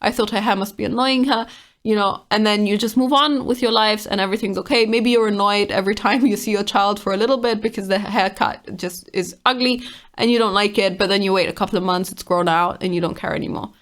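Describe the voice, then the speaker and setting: A woman's voice: mid-range voice, fairly even intonation, fast talker. A woman giving casual, exasperated commentary while reading out online comments, often laughing.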